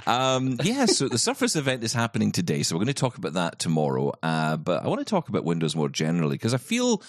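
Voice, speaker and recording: Lively, jokey male podcast host. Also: fairly low pitch, no room sound, studio quality. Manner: playful, jokey, quick asides. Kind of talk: casual chat.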